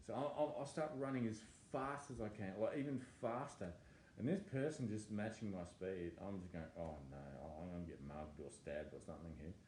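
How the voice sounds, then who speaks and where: A man telling a personal testimony, animated and stammering as he acts out his own thoughts. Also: low voice, slight background noise. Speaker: testimony speaker. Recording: echoey room with faint ambience.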